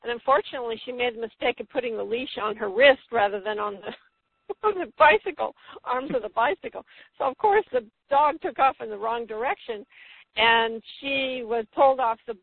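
A woman's voice: on the high side, brisk, slightly rough, no room sound. A woman guest telling a healing story in a phone-in radio interview, emphatic, acting out quotes with a rising voice. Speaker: guest, spiritual healer. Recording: tinny phone line, dry.

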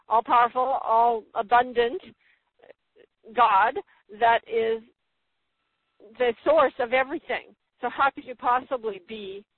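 Woman guest healer, emphatic storyteller, husky higher voice, phone-line sound. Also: dry recording. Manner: emphatic storyteller, acts out quotes with rising pitch. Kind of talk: phone-in radio interview storytelling. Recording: tinny phone line, dry.

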